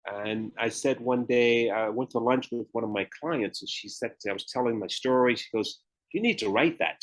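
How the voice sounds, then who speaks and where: A man's voice: mid-range voice, steady tone, normal speed, poor audio. Southern man telling his story. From Memphis, Tennessee, US Southern. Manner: storytelling, candid, laughs often. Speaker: guest, retired pro bodybuilder and author. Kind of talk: podcast interview.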